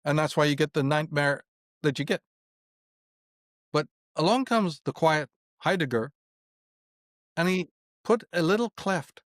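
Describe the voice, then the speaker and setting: A man's voice: a little high, no echo, clean studio sound. A middle-aged man, talking philosophy in an emphatic, profane way, full of rhetorical questions. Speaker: interviewee. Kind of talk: philosophical conversation.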